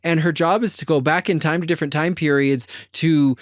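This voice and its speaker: A man's voice: fairly high pitch, a little fast, no echo, studio quality. A man co-hosting a podcast, explaining fan theories in casual, laughing chat. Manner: laughing, animated storytelling. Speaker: podcast co-host.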